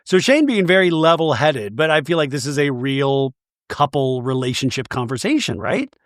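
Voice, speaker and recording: A man's voice: medium pitch, very animated, moderate pace, no room sound, studio quality. A man hosting a podcast, casually recapping a reality show episode in a chatty, self-deprecating way. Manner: chatty and self-deprecating, quotes cast members in their own voice.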